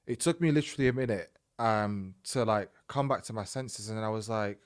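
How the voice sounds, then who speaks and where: Male podcast host, lowish voice, casual animated storyteller who acts out the dialogue. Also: brisk, hardly any pauses, clear, resonant tone. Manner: animated, retells events by acting out quoted dialogue.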